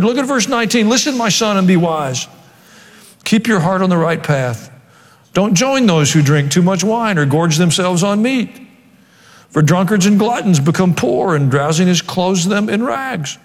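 A man's voice: high voice, animated, moderate pace. A man preaching a sermon as pastor, reading scripture and breaking into wry, conversational asides. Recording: long hall reverb.

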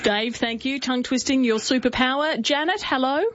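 A woman's voice: sits high, normal speed, fairly bright tone, muffled recording. A woman hosting a talkback radio show, teasing callers and laughing often. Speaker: radio host. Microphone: studio mic.

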